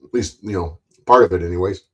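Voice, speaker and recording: A man's voice: low voice, fast, fairly bright tone. A man streaming an angry ranting monologue, blunt and full of swearing, repeating himself with frequent restarts and mocking other people's voices.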